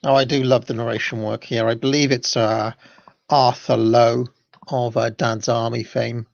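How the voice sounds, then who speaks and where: A man's voice: medium pitch, flat delivery, moderate pace, gravelly, dry recording. A man, hesitant and reflective, commenting as host of a video. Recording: dry, dull lo-fi mic.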